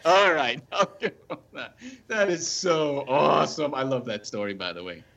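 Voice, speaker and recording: A man's voice: on the high side, expressive, moderate pace, creaky, fairly bright tone. A man hosting a podcast, reacting with enthusiastic, gushing exclamations in casual chat. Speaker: podcast host. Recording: dull, lo-fi podcast audio.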